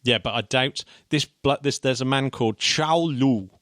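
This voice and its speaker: Animated podcast host. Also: male voice, mid-range voice, moderate pace, dry recording, clean studio sound. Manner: animated, laughing easily, many restarts. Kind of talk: casual chat.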